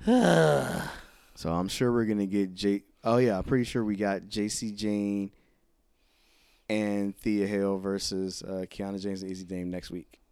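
A man's voice: lowish voice, flat delivery, normal speed, a little mellow, clear, resonant tone, dry recording, studio quality. A man co-hosting a podcast, recapping wrestling shows in casual chat and acting out quoted lines. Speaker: podcast co-host.

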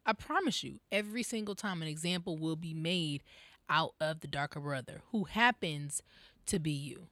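A young woman co-hosting a podcast in casual chat, animated and quick to laugh, often mimicking people she quotes. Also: deep voice, no room sound. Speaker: podcast co-host.

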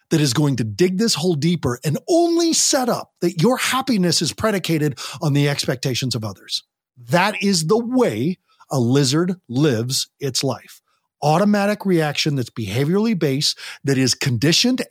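A man's voice: fairly high pitch, breathy edge, no echo, studio quality. A man guest on a podcast interview, talking animatedly and acting out parents and teens in quoted voices. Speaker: guest, youth program director.

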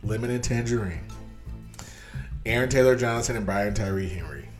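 A man chatting casually about movies in an animated, profane way, acting out scenes as he retells them. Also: lowish voice, normal speed, soft background music.

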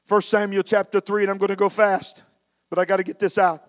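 A man's voice: high voice, flat delivery, brisk. A man preaching a storytelling sermon with a dramatic, emphatic delivery.

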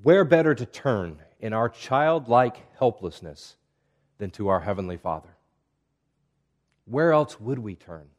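Man preaching a measured sermon. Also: medium pitch, animated. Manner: measured, reflective preaching with rhetorical questions. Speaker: pastor.

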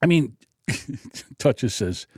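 A man's voice: mid-range voice, big pitch swings, extremely slow, a little mellow, husky, no echo. Man, podcast host, sarcastic rant, dry close sound. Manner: sarcastic, indignant, laughs often. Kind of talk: solo podcast livestream rant.

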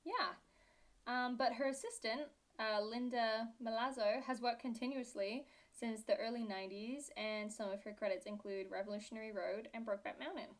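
A young British woman co-hosting a chatty podcast, her accent wandering toward Australian. She talks in a fairly high voice, joking and sarcastic, and breaks into giggles easily. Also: steady tone, moderate pace. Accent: British English, drifting toward Australian. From Britain. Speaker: podcast co-host. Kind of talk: casual chat.

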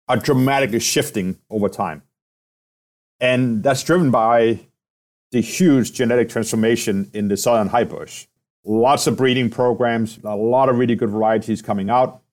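A man's voice: mid-range voice, darkish tone. A man being interviewed as a company president, explaining at length and often ending his points with "right?" or "okay?". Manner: explanatory, often ends points with tag questions. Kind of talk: conversational interview.

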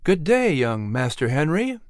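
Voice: medium pitch, sing-song, a little slow, no room sound, studio quality. Narrator doing a sly, genteel courier. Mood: genial. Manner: sly, leisurely and gentlemanly. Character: courteous colonial courier, genial man. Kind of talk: audiobook character voice.

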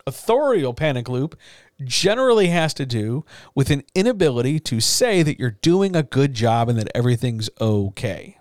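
A man coaching writers in a loose, candid chat, with middle-range pitch and a calm, reassuring way of talking. He swears casually and keeps things frank. The recording sounds close and dry, with no room around it. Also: normal speed, dry recording. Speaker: writing coach. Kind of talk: casual writing advice talk.

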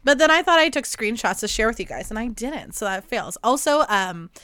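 A woman's voice: a little high, lively intonation, brisk, pushed and bright, clear, resonant tone, no room sound, studio quality. A woman in her late twenties hosting a casual solo podcast, candid and rambling and swearing freely, her throat irritated by allergies. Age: late 20s. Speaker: podcast host.

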